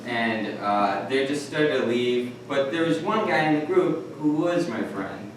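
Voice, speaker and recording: A young man with a Detroit accent telling a rambling, self-mocking story at a live storytelling night, with halting restarts. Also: mid-range voice, lively intonation. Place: comedy club stage. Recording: echoey room from far off, noisy.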